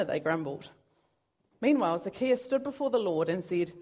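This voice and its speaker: Here the woman's voice is fairly low, expressive, and mellow, moving at a moderate pace. She preaches earnestly in a conversational style, poking fun at herself now and then.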